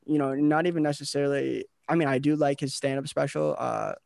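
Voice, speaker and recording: Young man, podcast host, gravelly and dry, rambling easygoing chat. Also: fairly high pitch, fairly even intonation, a little fast, a little mellow, dry recording. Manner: rambling, laid-back, lots of filler words and dudes.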